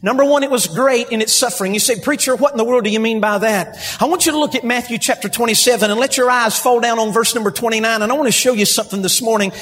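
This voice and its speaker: A man preaching a sermon, building to shouted emphasis. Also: very high voice, fast talker, few pauses. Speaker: pastor. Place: church sanctuary. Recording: long hall reverb, husky.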